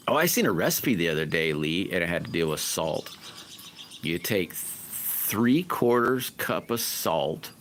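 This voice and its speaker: A man's voice: deep voice, very animated, measured pace, a bit bright, a little hiss or hum. A man hosting a livestream, rambling through folksy stories and chatting casually with viewers. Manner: rambling folksy storytelling, laughs often. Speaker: livestream host.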